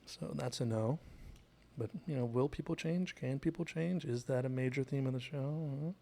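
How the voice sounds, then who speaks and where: A man hosts a casual scene-by-scene breakdown of a TV episode, recapping the plot and drifting into asides. His middle-range voice has a steady gravelly fry. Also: mid-range voice, normal speed. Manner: chatty and digressive, retells scenes. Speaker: TV show analysis host.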